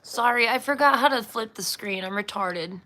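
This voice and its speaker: At home indoors, a woman livestreamer and artist chats to viewers with a slight slur. Her fairly high, sharp voice moves at a moderate pace over a little hiss or hum. She rambles, laughs often, and pokes fun at herself.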